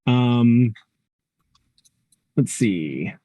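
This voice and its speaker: A man narrates a tabletop game as game master, painting each scene in vivid detail. He pauses often with filler sounds as he works out the rules. His voice sits at an everyday pitch and is recorded close and dry, with no room sound. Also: lively intonation, dark tone, dry recording. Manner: vivid descriptive narration with frequent ums.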